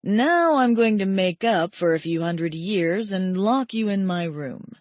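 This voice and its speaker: Lady voicing a broody intense romance guy, hushed and close, dry audiobook read. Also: mid-range voice, expressive, a little slow, dry recording, lightly acted. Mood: intimate.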